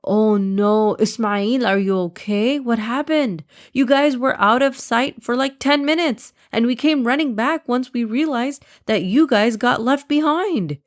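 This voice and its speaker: A woman's voice: on the high side, voice pushed up, natural voice. A woman voicing a worried, caring father in a children's storybook. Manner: worried, hurried.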